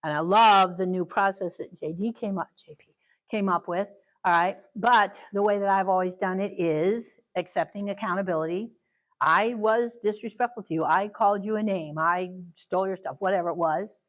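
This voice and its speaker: Animated woman giving a parenting training talk. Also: mid-range voice, poor audio. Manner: animated, acts out children and parents in quick asides.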